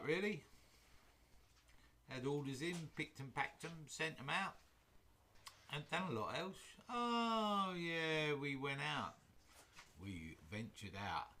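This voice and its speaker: A man's voice: medium pitch, very animated, takes it slowly, pauses often, bright, forceful tone. A man hosting a woodturning livestream from his workshop, chatting casually with viewers in a jokey, rambling way. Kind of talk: casual chat greeting live viewers. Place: home workshop.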